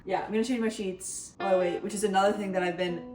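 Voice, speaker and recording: A young woman in her twenties, a vlogger and swim diving coach, chats casually in her apartment with music playing in the background. She talks fast in a mid-range voice with fairly even intonation, rambling and easily moved. The audio sounds roomy, picked up by a camera placed at a distance.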